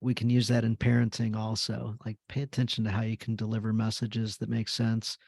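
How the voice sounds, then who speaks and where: A man's voice: on the low side, completely flat delivery, brisk, vocal fry, darkish tone, no room sound. Conversational male podcast host, dry sound. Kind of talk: casual conversation.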